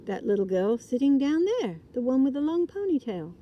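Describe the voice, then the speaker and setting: Woman doing a gentle, coaxing mother owl. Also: high-pitched, sing-song, moderate pace, highs cut off. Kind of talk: storybook reading.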